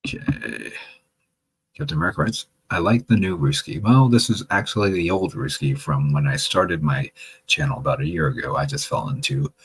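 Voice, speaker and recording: A man hosting a livestream, reading viewer comments aloud with a chatty, wry manner and a gravelly voice. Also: rumbling low, a bit bright, poor audio. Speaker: livestream host reading chat. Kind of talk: casual livestream chat.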